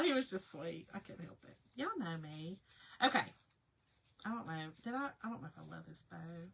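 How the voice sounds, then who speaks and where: Chatty woman, bright voice. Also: mid-range voice. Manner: chatty, laughing, talks to viewers by name. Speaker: craft livestream host. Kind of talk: casual live crafting chat.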